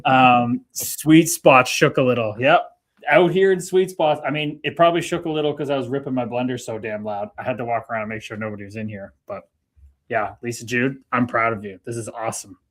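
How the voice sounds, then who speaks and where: A man's voice: medium pitch, brisk. Chatty man hosting a casual livestream. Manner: relaxed, chatty, reads out viewer comments. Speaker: stream host.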